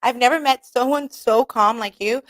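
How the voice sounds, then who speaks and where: A woman with a slightly high voice hosts a radio talk show at normal speed, with no echo. Her casual chat is candid and full of swearing and frequent laughter, and she quotes herself in skits.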